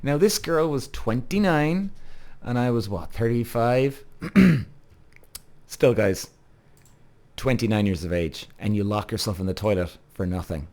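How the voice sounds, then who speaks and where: A man's voice: mid-range voice, lively intonation, unhurried, a little mellow. A man in his thirties hosting a podcast, telling a personal story in a blunt, casual way with plenty of swearing and direct asides to listeners. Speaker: podcast host.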